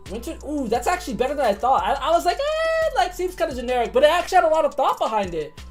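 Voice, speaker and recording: An excitable woman streamer with a somewhat high voice, talking casually over a game. She swears freely and laughs a lot. Quiet music runs in the background. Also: fast talker. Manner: excitable, profane, laughing often. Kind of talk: casual gaming commentary.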